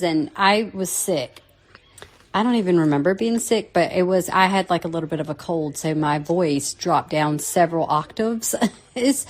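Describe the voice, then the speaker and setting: A woman with a Southern US accent leaving a casual voicemail, blunt and joking, with a lot of swearing. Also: medium pitch.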